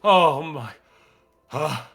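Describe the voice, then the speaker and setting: A man's voice: on the high side, expressive, extremely slow, gravelly, a bit bright, exaggerated voice. Kepra, a man doing a flustered freed prisoner. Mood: relieved. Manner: nervous, stammering, rambling. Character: hapless cowardly male prisoner who dreams of cobbling.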